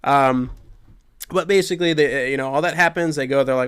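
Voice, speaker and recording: A man's voice: medium pitch, fairly quick, clear, resonant tone. A young man co-hosting a podcast, reviewing a movie in casual, profane chat and acting out the scenes with energy. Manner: excitable, profane, acts out scenes. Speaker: podcast co-host.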